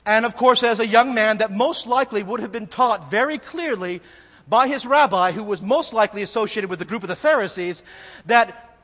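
A male pastor preaching a sermon, earnestly swinging between emphatic bursts and quiet, intense asides. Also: high-pitched, moderate pace. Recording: long reverb of a large church hall.

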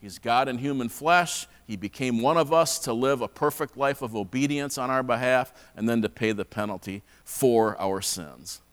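A man's voice: mid-range voice, normal speed, hardly any pauses. Guy preaching in church, chatty, long echo off the walls. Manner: conversational, repeats words when restarting. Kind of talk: sermon. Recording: long hall reverb.

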